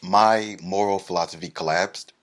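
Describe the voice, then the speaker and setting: A man telling a self-mocking comic story in an animated stand-up style. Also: low-pitched, normal speed. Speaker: comedian.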